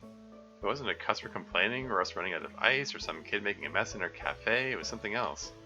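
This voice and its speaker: Low-voiced man rambling over a game. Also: expressive, fast talker, pushed and bright. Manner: rambling, hesitant, frequent throat-clearing. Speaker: streamer playing a visual novel. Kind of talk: live let's play with commentary. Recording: slightly dull lo-fi audio. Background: faint guitar music.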